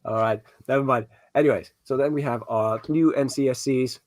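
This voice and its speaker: A man's voice: mid-range voice, fairly quick, no echo. Jokey man hosting an online quiz. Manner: jokey, playful. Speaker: quiz host at an online party. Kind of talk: casual virtual party quiz. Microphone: video call.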